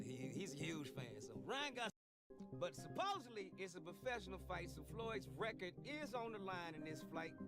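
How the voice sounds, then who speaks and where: A man hosting a live reaction stream, talking in a loud, profane, joking way, with quick asides. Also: a little high. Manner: animated, profane, jokey asides. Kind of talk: casual reaction commentary.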